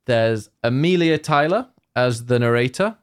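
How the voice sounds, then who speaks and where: A man's voice: mid-range voice, animated, unhurried, smooth. A man co-hosting a casual podcast chat, teasing his partner and reading out award nominees. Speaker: podcast co-host.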